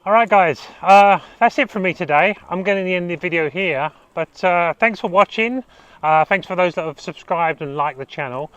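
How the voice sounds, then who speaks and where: Bright-voiced man telling a personal story. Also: high voice, normal speed, clear, resonant tone, no echo, muffled recording. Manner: casual, rambling with many fillers. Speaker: vlogger.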